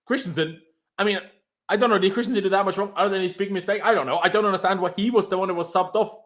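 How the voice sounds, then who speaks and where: A man with a notably high voice hosts a live post-match reaction. He rants in exasperation, tripping over his words and swearing freely. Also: racing, a bit bright. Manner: exasperated, stumbling, swearing rant. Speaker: football fan show host.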